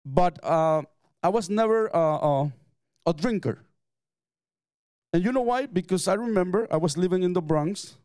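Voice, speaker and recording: A man's voice: high-pitched, lively intonation, normal speed, long pauses, a little mellow, dry recording. A middle-aged man, preaching a sermon in an emphatic way and mixing in personal stories with light chuckles. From Mexico. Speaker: pastor.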